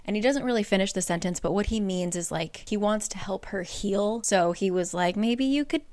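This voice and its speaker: A young woman summarizes a book, casually retelling its plot in a chatty way loaded with fillers like "like" and "basically." Her mid-range voice is brisk and darkish, with fairly even intonation, recorded with no echo.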